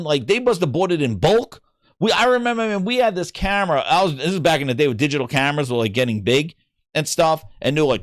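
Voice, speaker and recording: Animated, swearing male gaming host. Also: on the high side, no room sound, studio quality. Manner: animated, swearing, acts out voices in anecdotes. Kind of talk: casual livestream storytelling.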